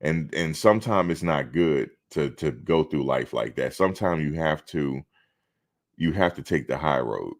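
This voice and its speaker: A man's voice: extremely low pitch, expressive, normal speed. A man hosting a live stream, talking casually and bluntly, outspoken and swearing freely.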